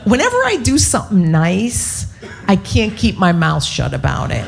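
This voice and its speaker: A woman's voice: mid-range voice, sing-song, normal speed, creaky, background noise. Brash, foul-mouthed woman comic. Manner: brash, profane and self-mocking. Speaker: stand-up comedian. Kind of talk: stand-up comedy set.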